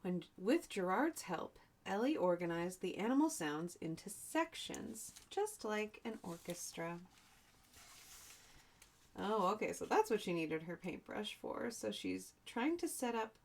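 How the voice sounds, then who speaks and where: A woman teacher reading a picture book aloud to young children, chatty, pausing to add asides and explain words. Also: medium pitch, expressive, vocal fry.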